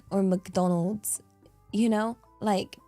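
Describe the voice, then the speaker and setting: A woman's voice: medium pitch, lively intonation, extremely slow, mellow, faint music behind. A British woman streaming, chatting casually with viewers in a playful, giggly way that swoops up into squeals. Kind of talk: casual livestream chat answering viewers.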